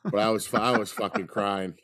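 A man's voice: fairly low pitch, fairly even intonation, fairly quick, sharp tone. A man in casual podcast chat, crude and blunt, tossing in wisecracks.

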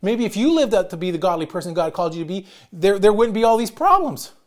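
A middle-aged man preaching a sermon as pastor, loud and emphatic, calling out to his congregation. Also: sits high, big pitch swings, fast.

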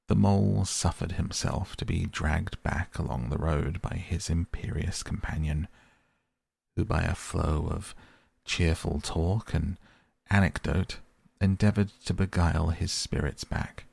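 A man reading a classic storybook aloud in a measured, gentle storytelling manner. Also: deep voice, gravelly, breathy edge, no echo. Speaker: narrator.

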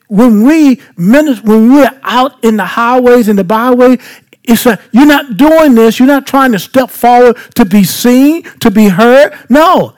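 A male pastor with a notably high-pitched voice works through scripture at an unhurried, deliberate pace. He keeps asking the congregation to fill in the answer and repeats phrases for emphasis. It is the steady teaching voice of a sermon. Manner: asks the congregation rhetorical questions to fill in.

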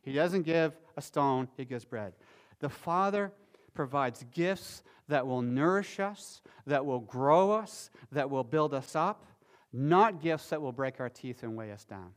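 A middle-aged man preaching a sermon as pastor, swinging between loud emphatic lines and soft, quiet ones. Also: fairly high pitch, a little slow. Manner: animated, shifting from loud emphasis to soft near-whispers.

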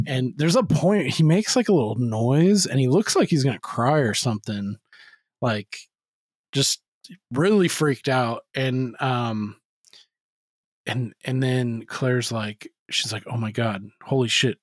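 A man co-hosting a movie-review podcast, recapping the plot in a rambling, profane stream and slipping into quoted voices. His pitch is average for a man. The recording is very dry and close. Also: expressive, slow pace, dry recording. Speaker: podcast co-host. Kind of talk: casual movie-review chat.

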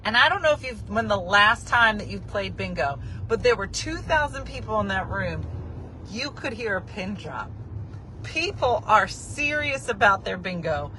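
A woman in her forties telling a casual, animated story from a moving car, often acting out the people she quotes. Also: mid-range voice, moderate pace. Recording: car road noise behind.

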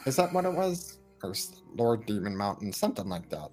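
A man's voice: lowish voice, sing-song, a little fast, darkish tone, soft background music. A man playing a tabletop game, talking casually and rambling with many fillers and restarts. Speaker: player.

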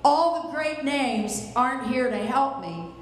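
A woman's voice: sits high, expressive, unhurried, very echoey, in a large hall, rough recording. A woman preaching to a congregation in an exhorting, preacherly manner. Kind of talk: sermon.

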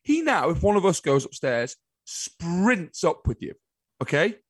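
A man chatting casually as a co-host, his voice sitting a little high. He tells stories with animated, exasperated asides, recorded close and dry with no room echo. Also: unhurried, husky. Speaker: podcast co-host. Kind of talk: casual chat.

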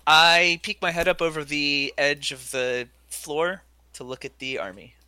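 A man in a tabletop game session with a notably bright, slightly high voice. He talks eagerly and thinks out loud through his character's moves. The sound is dry and close up. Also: a little slow, clear, resonant tone, dry recording. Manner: eager, thinking aloud with fillers. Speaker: player. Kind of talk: tabletop role-play chat.

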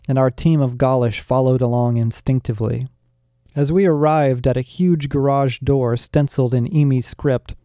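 Dark-voiced male audiobook narrator. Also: mid-range voice, clear, resonant tone, dry recording, studio quality. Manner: wry, conversational storytelling. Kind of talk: scripted narration.

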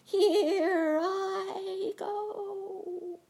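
A woman voicing a wicked old witch, cunning and cackling, with a shrill, wailing, drawn-out voice. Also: fairly even intonation, darkish tone, exaggerated voice.

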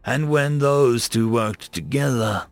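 A man reading science-fiction stories aloud as a narrator, with an expressive delivery. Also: medium pitch, slow, no echo, faint music behind. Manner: expressive reading that rises and falls. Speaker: story narrator.

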